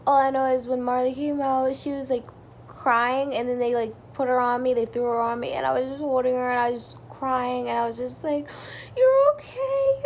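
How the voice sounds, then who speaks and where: A woman's voice: high voice, slight background noise. A young woman vlogger telling a personal story in a casual, chatty way, full of "like" and acted-out quotes. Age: young adult. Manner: chatty, lots of "like", acts out quotes.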